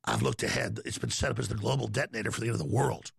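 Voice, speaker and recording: A middle-aged man hosting a call-in radio show, ranting forcefully and jumping about in pitch and pace. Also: fairly even intonation, very fast, gravelly, husky, dry recording, clean studio sound. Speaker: radio talk show host.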